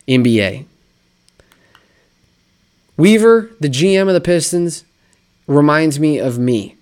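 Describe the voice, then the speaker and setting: Animated man hosting a sports show. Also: fairly high pitch. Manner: animated, self-mocking, rhetorical questions. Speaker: sports podcast host. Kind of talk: solo sports commentary.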